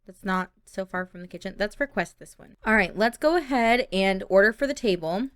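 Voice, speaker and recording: A woman's voice: mid-range voice, expressive, a little fast, smooth, no echo. A young woman narrating her gameplay in a chatty, playful way. Her voice sits in the middle range. The sound is dry and close to the mic. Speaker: gameplay video host. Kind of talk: casual gameplay commentary.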